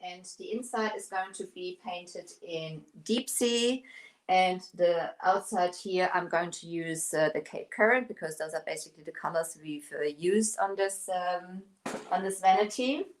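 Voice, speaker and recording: German lady live streaming her painting, chatty and full of ums, kinda low voice. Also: measured pace. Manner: chatty, hesitant with many fillers, greets viewers. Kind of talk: casual live-stream chat and painting demo.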